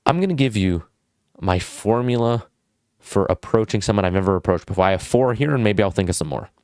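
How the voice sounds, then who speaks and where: Young man, low voice, dry close sound, casual vlog advice, goofy, swears a lot. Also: lively intonation, a little fast, a little mellow, no echo. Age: young adult. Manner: swearing, goofy, lots of fillers. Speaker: vlogger giving social advice.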